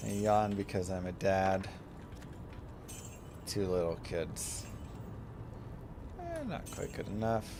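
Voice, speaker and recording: A man in his thirties casually commenting on his game for viewers, guiding them step by step in a relaxed way. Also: deep voice, slow pace, pauses often, background noise. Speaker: game streamer. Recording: game music playing behind. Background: game music.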